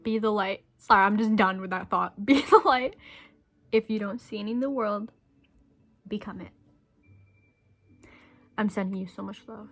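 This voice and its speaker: A woman's voice: mid-range voice, fairly even intonation, moderate pace, long pauses, a bit bright. A young adult woman talking straight to camera in an earnest, rambling, emotional way, swearing casually as she shares her thoughts. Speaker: vlogger. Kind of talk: heartfelt direct-to-camera monologue.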